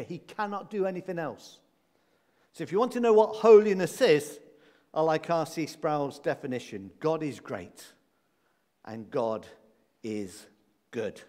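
Male preacher, emphatic and repetitive delivery, slightly high, long hall reverb. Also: a little mellow. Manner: emphatic, repeating key phrases. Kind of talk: sermon.

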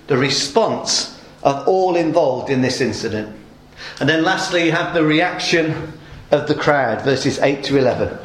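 Preacher guy, highish voice, lively sermon, lots of questions, echoey church hall. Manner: animated, rhetorical questions, acts out crowd shouts.

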